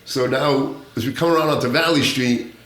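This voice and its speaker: A man's voice: medium pitch, normal speed, fairly bright tone, roomy sound. A man telling a long undercover story in casual podcast talk, acting out the voices of the people in it, laughing often and swearing. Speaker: podcast guest, former narcotics agent.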